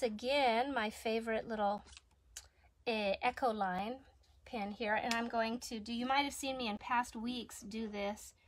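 A woman teaching a children's drawing lesson, chatting gently and thinking aloud as she colors. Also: on the high side. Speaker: kids yoga and art teacher.

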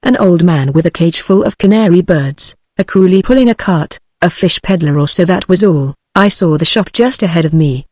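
A text-to-speech woman's voice with a British English accent, reading a book aloud in an even, synthetic manner. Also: on the low side, normal speed, few pauses, no echo, clean studio sound. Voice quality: synthetic, evenly paced. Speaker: audiobook narrator.

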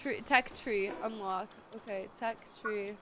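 A woman streamer chatting casually and profanely while gaming, with a sore throat, excitable and squealing over cute things. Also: medium pitch, a little slow, background noise.

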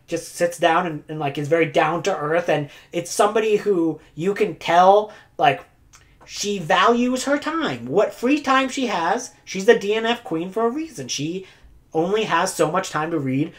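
A woman booktuber chatting casually to camera, rambling with lots of "like" fillers and frequent laughs. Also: fairly low pitch. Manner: laughs often between phrases. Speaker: booktuber giving community awards.

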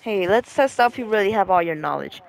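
A man's voice: high voice, expressive, fast, creaky, clear, resonant tone. A man hosting a goofy game roleplay, joking, laughing and apologizing to his robot sidekick. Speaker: gaming roleplay host. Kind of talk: casual game roleplay narration.

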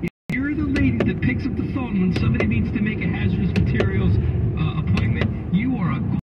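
A man hosts a radio show in casual, animated banter, his voice sitting a little high. He comes through a car's speaker, muffled and distant, with loud road noise rumbling underneath. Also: fairly quick. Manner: chatty, animated storytelling. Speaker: radio morning show host. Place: radio studio, heard through a car speaker.

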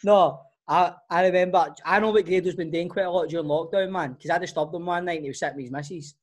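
A man with a Scottish accent, a co-host who tells animated, teasing stories about his friends. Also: high-pitched, fast. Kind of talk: casual banter.

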